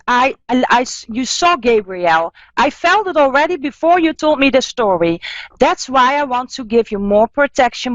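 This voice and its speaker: Soothing woman psychic host, slow. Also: high-pitched, dry recording, lo-fi sound. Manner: soothing, slow, repeats caller's name. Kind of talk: live radio call-in healing session.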